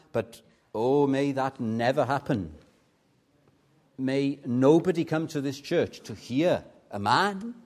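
A man preaches from the pulpit in a fervent sermon style. His voice sits a little higher than most men's, and he moves from soft, hushed asides to loud, emphatic peaks. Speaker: pastor. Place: church.

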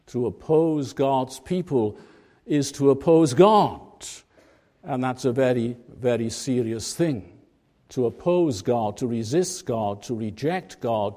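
A man preaching a sermon, telling a story in a measured way and stressing key words with emphasis. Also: mid-range voice, warm tone.

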